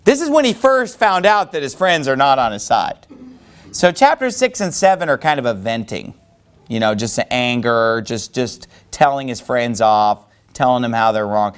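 Animated male Bible teacher. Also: medium pitch, moderate pace, clean tone. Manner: animated, conversational, many fillers. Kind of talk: Bible lesson to a class.

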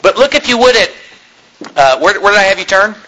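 An American man preaching a sermon, animated and mocking, swinging between loud points and low asides. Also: a little fast, noisy background. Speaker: pastor.

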